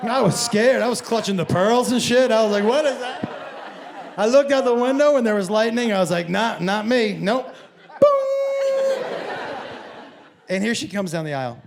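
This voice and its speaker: Animated high-voiced man telling stand-up stories. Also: fast talker, hardly any pauses, crowd noise, noisy background. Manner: animated, profane, acts out both sides of dialogue with sudden yelps. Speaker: stand-up comedian. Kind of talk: stand-up storytelling. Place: comedy stage before a live audience.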